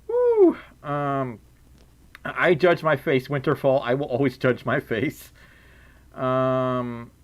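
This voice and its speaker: A man answering viewer questions on a casual livestream, chatty, with stammering restarts and nervous laughs. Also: medium pitch. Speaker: streamer. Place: at home, wearing a fursuit.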